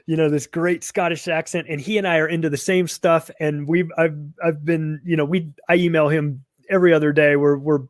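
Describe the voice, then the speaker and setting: A man's voice: a little high, steady tone, a little fast, few pauses, dry recording, studio quality. A middle-aged man being interviewed as a guest author, talking bluntly and mockingly in a casual conversation. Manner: blunt, mocking, acts out sarcastic impressions.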